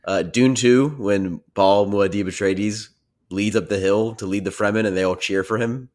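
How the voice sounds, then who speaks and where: A man's voice: lowish voice, steady tone, normal speed, darkish tone. A young man co-hosting a casual movie podcast, dry and laughing at his own picks. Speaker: podcast co-host.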